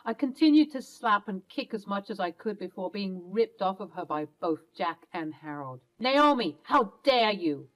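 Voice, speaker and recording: A woman's voice: mid-range voice, moderate pace, hardly any pauses, poor audio. A woman telling a dramatic first-person story in an earnest narrating voice.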